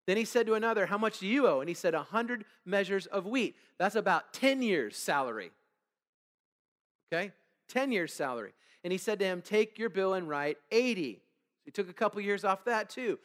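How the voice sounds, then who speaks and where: A man's voice: high voice, animated, moderate pace, fairly bright tone. A male pastor preaching a conversational sermon, reading scripture and checking in with the congregation with "okay?" and "all right?". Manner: reads scripture aloud and asks the congregation to fill in words. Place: church sanctuary. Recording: long hall reverb.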